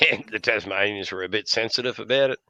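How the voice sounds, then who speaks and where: An Australian livestream host chats casually, swearing freely, laughing often, and spinning lively yarns and jokes. His voice is on the low side and a little fast, with no echo.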